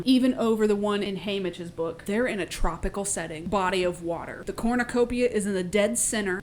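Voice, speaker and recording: Excitable young woman recapping a story. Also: mid-range voice, a little hiss or hum. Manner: animated, excitable, swears, goes off on rants. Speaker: vlogger. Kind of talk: casual book and film recap.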